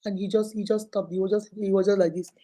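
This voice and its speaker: Animated woman giving relationship advice. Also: medium pitch, fast. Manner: animated, preachy, acts out people in her stories. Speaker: relationship counselor. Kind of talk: storytelling advice talk.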